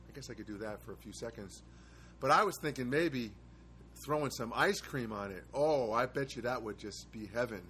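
A man in the middle of his register, rambling through stories in a relaxed casual monologue. He adds dry jokes and pauses often to find his words. A faint noise floor sits under the voice. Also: mid-range voice. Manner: rambling storyteller, wry asides, frequent hesitations. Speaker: host of his own live show. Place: studio apartment.

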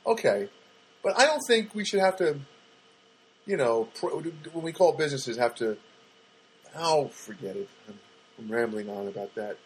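A man's voice: medium pitch, animated, moderate pace, long pauses, slight background noise, rough recording. A man from the United States hosting on the radio, rambling through a solo monologue with stammered restarts and wry asides. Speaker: radio host.

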